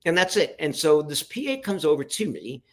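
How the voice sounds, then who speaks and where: A middle-aged man telling backstage stories in a casual interview, animated and acting out what others said, swearing when heated. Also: fairly high pitch, normal speed. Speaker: podcast guest.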